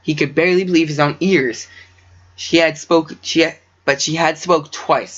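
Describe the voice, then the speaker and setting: A man's voice: fairly high pitch, normal speed, a bit bright. A man reading his own story aloud, stumbling over words and breaking off into joking asides. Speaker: amateur story reader. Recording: dull lo-fi recording.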